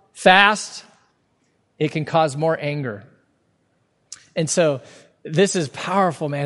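A man preaching a sermon as pastor, earnest and emphatic, stretching key words slowly for weight. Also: a little high. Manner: earnest, emphatic preaching with sudden slow-downs. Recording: long hall reverb.

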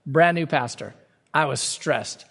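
Guy pastor preaching, kinda high voice, earnest and punchy, slows way down to make a point, big echoey church hall. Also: lively intonation, a bit bright, breathy edge. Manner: earnest, emphatic preaching with sudden slow-downs. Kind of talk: sermon. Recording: long hall reverb.

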